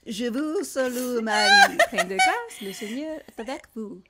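A woman's voice: on the high side, huge pitch swings, moderate pace, shouting, heavy background noise, pitched above the performer's own voice. A woman voicing a horny animatronic male alligator in a failed French accent that slips into Italian, breaking into giggles. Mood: crude, giggling.

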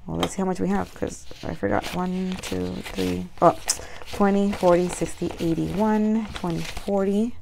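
A woman with a hoarse voice chatting casually as she counts out cash for a budgeting vlog, murmuring numbers and talking excitedly to viewers. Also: lowish voice, moderate pace, background noise. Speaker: budgeting vlogger.

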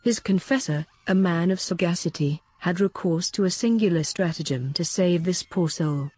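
A woman narrating an audiobook in a steady, formal reading style. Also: lowish voice, moderate pace, slightly rough. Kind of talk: scripted narration.

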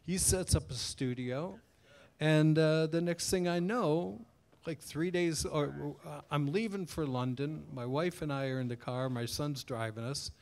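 A man's voice: fairly high pitch, a little slow, a little mellow. A man as a guest author, animatedly telling an anecdote at a live tavern event and slipping into quoted voices. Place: tavern event before an audience.

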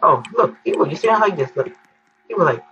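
A teenage boy giving casual, excitable gameplay commentary, often panicking and pleading. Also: on the high side, a little fast, lo-fi sound, background noise. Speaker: gaming YouTuber.

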